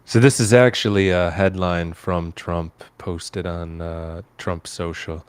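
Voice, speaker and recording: Low-voiced guy reading headlines on a podcast, halting, lots of restarts, dry sound. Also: fairly even intonation, clear, resonant tone, no room sound. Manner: hesitant, halting delivery, with restarts. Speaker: podcast co-host. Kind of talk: casual chat, reading headlines.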